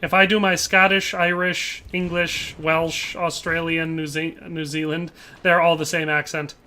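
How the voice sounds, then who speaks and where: A man's voice: on the high side, little pitch movement, unhurried, sharp tone. A young man streaming a shooter game, chatting casually and joking with chat as he plays. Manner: chatty, jokey, tries mock Irish accents. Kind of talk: casual live-stream commentary.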